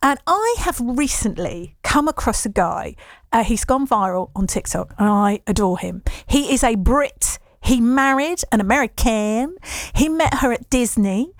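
A woman hosts a breakfast radio show from the studio, her fairly high voice leaping up and down as she chats. She laughs often and throws asides to her producer. The sound is close and dry, with no room around it. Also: lively intonation, normal speed, dry recording. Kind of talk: lively breakfast radio chat. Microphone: studio microphone.

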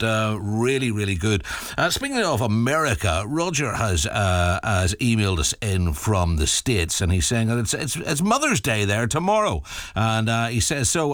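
A man's voice: medium pitch, fairly bright tone, no echo. A Northern Irish man presenting a late-night radio show, chatty and rambling with lots of filler uhs, speaking into a studio microphone.

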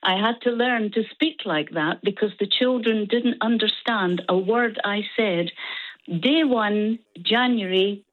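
A Scottish woman from Dundee calling in to a radio show, telling a lively anecdote. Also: medium pitch, measured pace. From Dundee, Scotland. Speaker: caller. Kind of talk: phone-in storytelling. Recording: tinny phone line.

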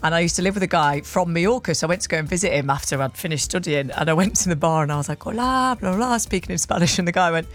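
A woman's voice: sits low, racing, hardly any pauses. A woman co-hosting a radio show, bantering and reading the travel bulletin. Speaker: radio co-host and travel news reader. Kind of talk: radio chat and traffic bulletin. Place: radio studio.

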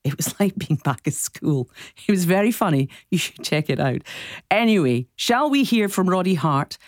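A woman's voice: on the low side, expressive, moderate pace, dry recording. A woman presenting a live radio show, bubbly and chatty, laughing often as she reads out listener messages in the studio. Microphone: studio microphone.

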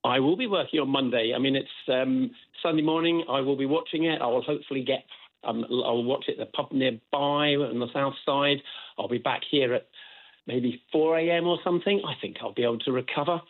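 Fast-talking man on a phone line. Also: mid-range voice. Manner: jokey, self-correcting. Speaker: caller. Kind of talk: phone-in chat. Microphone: telephone.

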